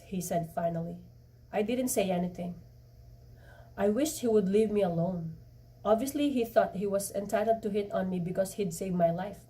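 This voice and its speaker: A woman reads a novel chapter aloud in a mellow, soft-edged voice. She stumbles now and then and restarts lines. Her voice sits a little back from the microphone. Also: mid-range voice, far from the mic. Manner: halting, with restarts and slips. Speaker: reader.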